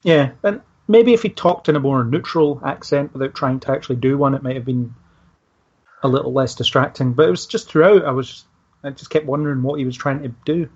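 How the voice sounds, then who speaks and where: Guy hosting a movie podcast, kinda husky, says um and like a lot, dull sound. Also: mid-range voice, fairly quick, a little mellow. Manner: easygoing, hesitant, many fillers. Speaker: podcast host. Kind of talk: casual film discussion.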